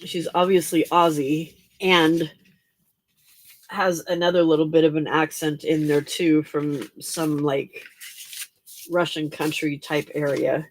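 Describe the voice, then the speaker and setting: A tired woman hosts a casual late-night crafting livestream, yawning and talking slowly in a low-pitched voice. She's relaxed and chatty, addressing viewers by name.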